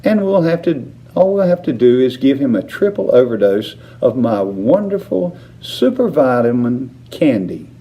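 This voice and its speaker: A man's voice: medium pitch, sing-song, normal speed, hardly any pauses, warm tone, natural voice. A man voicing an eccentric, cheerful candy-maker with a breezy, whimsical manner in a storybook reading.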